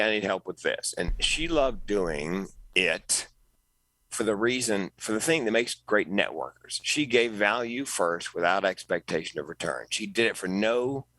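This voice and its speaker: Deep-voiced man telling a lively story. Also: no echo, poor audio. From North Carolina, US. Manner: animated storyteller, jumps up in pitch for quoted voices. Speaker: podcast guest, comedian. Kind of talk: storytelling interview.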